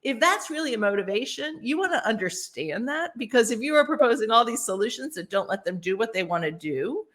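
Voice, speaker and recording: Lively woman giving workplace advice. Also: a little high, brisk, few pauses. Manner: animated, explains with acted-out example phrases. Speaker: podcast guest, workplace author. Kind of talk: casual interview advice.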